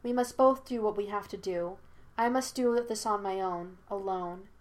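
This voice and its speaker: A soft-spoken young woman, as a woman reader plays her, gentle yet firm. She keeps her voice low and quiet, at a middle pitch. Storybook reading. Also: normal speed, lightly acted.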